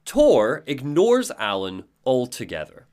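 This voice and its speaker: A man retelling a game's story on a casual podcast, laughing often. His pitch jumps around in lively swoops. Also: takes it slowly. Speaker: podcast co-host retelling a game. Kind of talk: casual chat.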